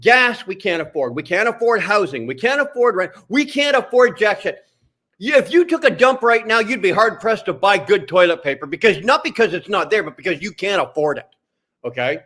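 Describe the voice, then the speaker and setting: Man, from Canada, high-pitched, heated, cursing, repetitive livestream rant. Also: big pitch swings, a little fast, pushed and bright. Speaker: streamer.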